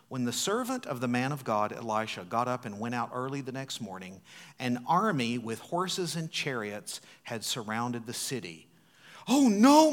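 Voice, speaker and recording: Man, pastor, sermon, expressive storytelling, mid-range voice, loud-to-hushed swings. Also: medium pitch.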